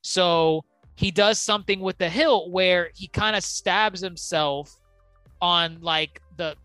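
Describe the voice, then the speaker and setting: Bright-voiced rambling podcast host. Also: male voice, high voice, slow, clear, resonant tone, no echo, soft background music. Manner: rambling, many fillers and restarts. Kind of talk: casual chat.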